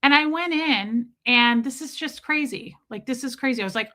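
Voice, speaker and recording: A woman hosting a livestream, telling a story in a chatty, animated way while greeting her chat. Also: high voice, normal speed, few pauses. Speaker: livestream host.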